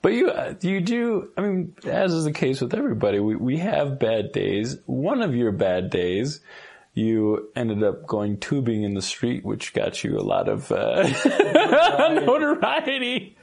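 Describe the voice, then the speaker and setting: A male host leads a guest into his story with hesitant, filler-heavy prompts. His voice is gravelly and husky, and his pitch moves around a lot. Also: very animated, measured pace, darkish tone. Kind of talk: interview chat.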